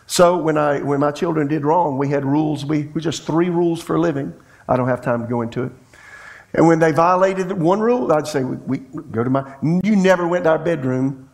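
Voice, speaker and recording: Folksy middle-aged preacher, storytelling. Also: male voice, a little high, a little fast, gravelly, a little mellow. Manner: folksy storytelling preacher who acts out dialogue. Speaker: pastor. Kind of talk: sermon.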